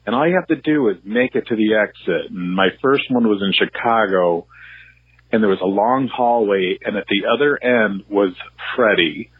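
A man with a husky, slightly low voice tells a rambling story, pausing and restarting as he goes. He comes through a thin, tinny voicemail phone line with a dry sound. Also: dry recording. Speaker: caller leaving a voicemail.

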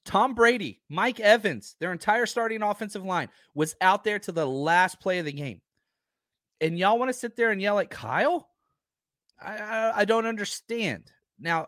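A man in his thirties hosting a casual live stream from home, animated and repeating himself as he reads out chat comments. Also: a little high, no room sound, studio quality.

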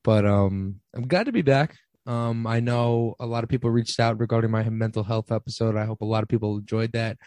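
A man's voice: mid-range voice, a little fast, hardly any pauses, darkish tone, dry recording. A young man in his twenties hosting a casual solo podcast, talking with many ums and restarts. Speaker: podcast host.

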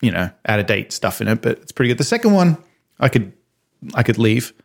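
Animated man retelling a film plot. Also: fairly quick, gravelly. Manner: animated storyteller, acts out quotes in high voices. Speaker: podcast co-host. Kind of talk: casual chat.

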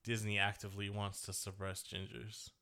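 A young man chatting loosely as a podcast co-host, with a bright, forward tone. He rambles from one thought to the next, laughs often and swears without a second thought. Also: on the low side, little pitch movement, moderate pace, creaky. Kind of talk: casual chat.

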